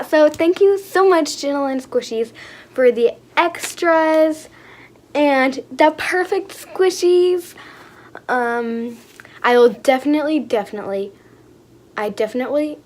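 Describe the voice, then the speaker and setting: A young woman excitedly unboxing toys for her vlog, gushing and gasping with lots of fillers. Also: high voice, a little hiss or hum. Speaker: vlogger.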